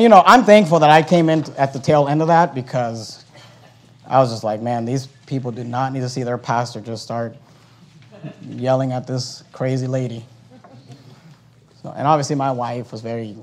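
A middle-aged man preaching a sermon as pastor, telling a story with lively, animated delivery that swings between loud and hushed. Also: mid-range voice, a little hiss or hum.

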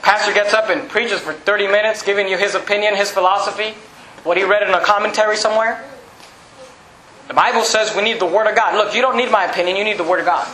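A male pastor preaching an emphatic, shouting sermon in a church. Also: high-pitched, fairly even intonation, fast, roomy sound, a little hiss or hum, poor audio. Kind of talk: fiery sermon.

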